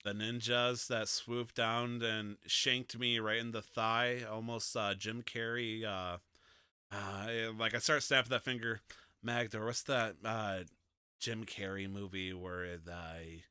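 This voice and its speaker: A man's voice: fairly low pitch, steady tone, takes it slowly, bright, forceful tone, smooth, dry recording, studio quality. A man playing a tabletop game, rambling and joking, stumbling over his words. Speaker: player.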